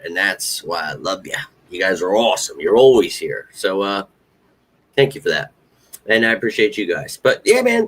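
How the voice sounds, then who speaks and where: A man's voice: medium pitch, fairly bright tone. A man hosting a casual sports fan talk show, rambling and heartfelt, swearing now and then. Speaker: podcast host.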